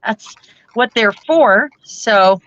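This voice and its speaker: A woman co-hosts a relaxed crafting stream, speaking slowly and passing on tips to viewers. She laughs easily with her partner. The sound is dry and a bit muffled. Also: a little high, no echo. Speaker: co-host. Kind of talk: casual chat while crafting.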